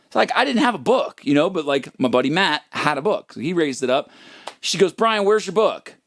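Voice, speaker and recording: A man's voice: a little high, expressive, fairly quick, gravelly, dry recording, clean studio sound. A man hosting a livestream, telling a rambling, profane, self-mocking story in a casual comic way. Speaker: livestream host and musician.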